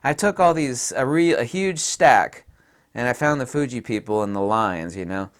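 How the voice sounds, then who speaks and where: A man's voice: mid-range voice, animated, moderate pace. A middle-aged man from the American South, telling blunt, casual stories about a trip and laughing at his own punchlines. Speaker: photography vlogger. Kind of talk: casual storytelling.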